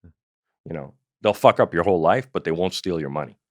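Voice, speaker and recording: Low-voiced storytelling comedian, dry close mic. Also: male voice, moderate pace, dry recording. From Canada. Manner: animated, profane anecdotal storytelling with acted-out quotes. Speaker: comedian and former investigator, guest. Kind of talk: storytelling in a podcast interview.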